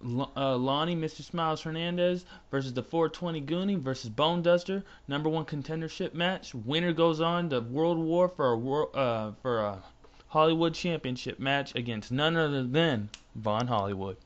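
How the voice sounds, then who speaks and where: A man's voice: a little high, normal speed. A man hosting a podcast, speaking in formal phrases with hesitant fillers, over dull lo-fi call audio. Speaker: host.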